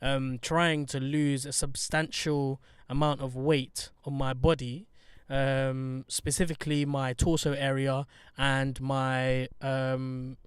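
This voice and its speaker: A man's voice: medium pitch, little pitch movement, slow pace, few pauses, smooth, no room sound, studio quality. A man co-hosting a podcast from a parked car, chatting in slang and joking around. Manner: joking, slangy, hypes things up. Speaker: podcast co-host. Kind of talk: casual chat. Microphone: handheld mic.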